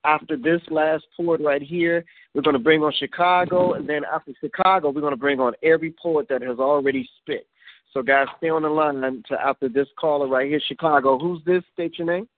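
A man's voice: fairly high pitch, brisk. A man hosting a call-in poetry radio show, chatting casually and loosely. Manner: relaxed, repeats "you know what I'm saying". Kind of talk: casual chat. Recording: phone line.

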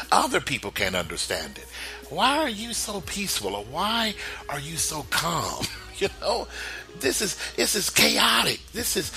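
Male inspirational radio host. Animated and encouraging, chuckles often, faint music behind. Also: fairly low pitch. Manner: lively, chuckling, speaks straight to listeners. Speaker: spiritual talk show host.

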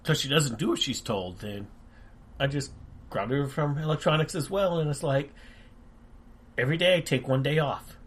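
A man co-hosting a podcast, telling stories in a relaxed, dry way with short laughs. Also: fairly high pitch, moderate pace, long pauses, husky. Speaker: podcast co-host. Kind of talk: casual chat.

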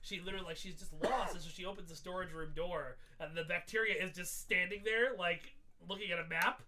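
Bright-voiced man on a podcast. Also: sits high, a little fast. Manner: animated retelling, acting out lines. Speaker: podcast co-host. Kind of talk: casual chat.

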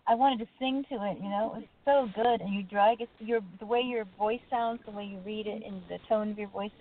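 A woman's voice: medium pitch, fairly even intonation, fairly quick. Gushing, foul-mouthed woman on a phone line. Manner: gushing, swears freely. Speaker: co-host. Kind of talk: casual chat. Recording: tinny phone line with faint hiss.

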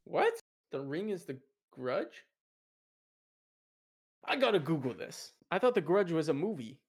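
A young man co-hosting a casual podcast, playful and teasing, quick to laugh. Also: a little high, big pitch swings, breathy edge. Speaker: podcast co-host. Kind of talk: casual chat.

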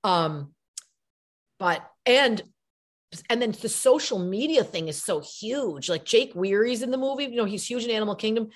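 A middle-aged woman talks quickly and animatedly as a guest, slipping into voices to act out quotes. Her delivery is casual and full of energy, with pitch that jumps up and down. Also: lively intonation. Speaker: actress and comedian guest. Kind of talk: chatty interview answers.

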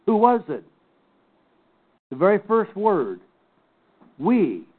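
An older man teaching a Bible class, slowly and emphatically picking apart scripture word by word. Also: high-pitched, wildly swooping pitch. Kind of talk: Bible study lecture. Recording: tinny phone-like recording.

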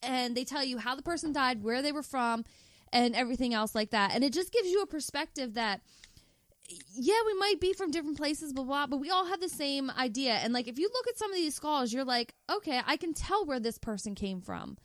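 A high-voiced woman chats casually on a podcast, wandering through her stories and hedging her claims. The sound is dry and close. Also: animated, fairly quick, fairly bright tone, no room sound. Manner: chatty, meandering, hedging storyteller. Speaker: podcast co-host. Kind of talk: casual chat.

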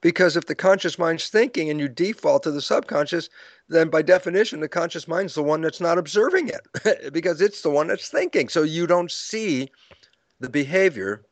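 An older man, speaking a bit high at a moderate pace with no echo, explains ideas in an interview. He acts out stories from his own lectures, quoting dialogue and laughing often.

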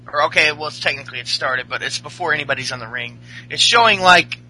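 A man's voice: a little high, fast, sharp tone, a little hiss or hum, rough recording. A man hosting a casual podcast chat, rambling and swearing as he recaps a show. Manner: rambling, profane, laughing. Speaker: podcast host.

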